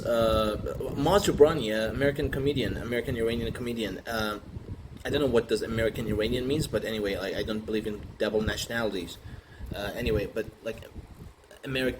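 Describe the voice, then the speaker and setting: A man riffing through an improvised comic monologue, rambling and halting with many fillers and restarts. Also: lowish voice. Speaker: comedian. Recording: noisy recording with room ambience.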